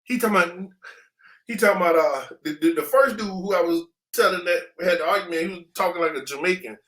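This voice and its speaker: High-pitched male guest, animated slangy storyteller who voices the sound effects. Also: fast. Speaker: interview guest. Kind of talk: casual storytelling.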